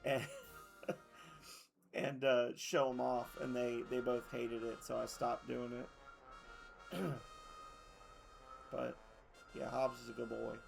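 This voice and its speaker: A man's voice: mid-range voice, level tone, slow pace, creaky, long pauses, soft background music. Rambling, swearing male streamer. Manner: rambling, swearing, laughing at his own stories. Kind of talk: casual chat while playing a game.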